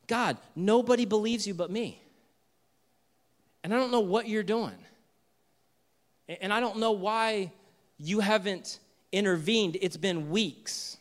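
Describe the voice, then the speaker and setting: A man's voice: high voice, a little slow, pauses often, voice pushed up. A man voicing a weary, complaining male prophet who pleads and protests in a raised voice. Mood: pleading.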